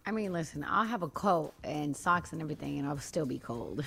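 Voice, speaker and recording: A woman's voice: low-pitched, animated, brisk, vocal fry, fairly bright tone, husky. A woman co-hosting a morning radio show, pushing back playfully in casual banter. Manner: laughing, playful pushback. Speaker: radio co-host. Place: radio studio. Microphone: studio microphone.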